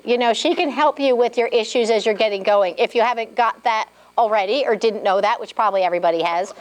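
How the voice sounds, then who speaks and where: A woman's voice: mid-range voice, slight background noise. A woman from California, a guest clinician, talking casually and playfully. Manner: lively, playful. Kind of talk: casual talk.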